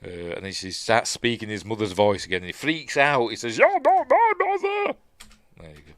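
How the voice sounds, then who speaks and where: A man with a Yorkshire accent talks his way through a film in a relaxed, rambling commentary, often trailing off into fillers and restarts. His voice sits fairly low. It is recorded close up and dry, with no room echo. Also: a little fast. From Yorkshire, England. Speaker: film review host. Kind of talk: casual watch-along commentary.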